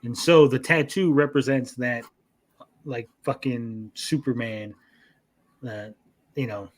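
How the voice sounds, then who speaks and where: Man, podcast host, casual chat, profane, acts out quotes, mid-pitched voice. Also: fairly even intonation, takes it slowly.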